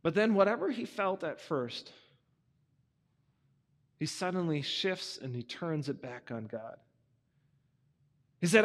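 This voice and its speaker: A man preaching to young people, retelling a story in a conversational, animated way and acting out the characters. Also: a little high, slow, long pauses, in a large hall.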